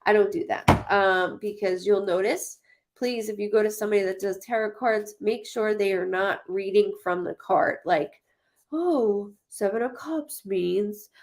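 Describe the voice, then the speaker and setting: A woman's voice: medium pitch, steady tone, moderate pace. A woman psychic chatting casually on a live stream, blunt and repetitive, swearing now and then. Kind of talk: casual live-stream chat reading viewer comments.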